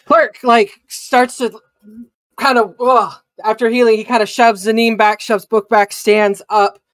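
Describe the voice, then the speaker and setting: A man running a tabletop game as game master, narrating the action in a halting way with many fillers and restarts. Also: high-pitched, level tone, dry recording, studio quality.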